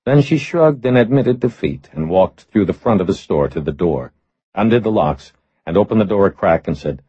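A man narrating an audiobook in a measured, steady reading voice. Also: sits low, breathy edge, no room sound. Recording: slightly muffled recording.

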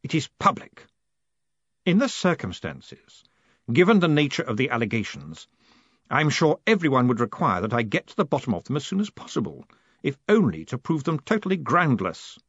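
A man voices a cold, commanding city ruler in an audiobook. He talks in a measured, precise way with a quiet menace and a lively, shifting pitch. The recording is dry and slightly muffled. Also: breathy edge, dry recording, exaggerated voice. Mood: cold calm.

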